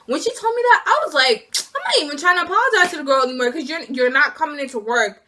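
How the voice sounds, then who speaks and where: A seventeen-year-old girl telling a storytime vlog about losing her job, in an animated, exasperated rant. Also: sits high, fast talker, slight background noise. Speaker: student vlogger.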